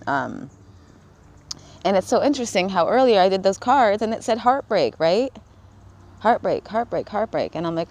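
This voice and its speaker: A woman's voice: mid-range voice, very animated, normal speed, darkish tone, poor audio. A woman vlogging in a rambling, casual way, swearing freely, laughing often and smoking while she talks. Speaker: spiritual vlogger.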